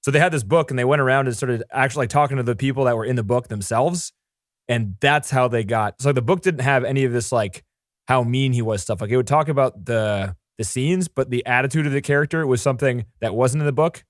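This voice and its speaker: Fast-talking man in casual film chat. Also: medium pitch, dry recording, studio quality. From Irish heritage. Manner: fast, animated, mocking impressions of characters. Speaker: podcast co-host.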